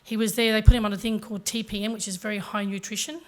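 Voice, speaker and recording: A woman telling a story in an animated, chatty way as a conference speaker. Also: medium pitch, fast talker. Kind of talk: storytelling keynote.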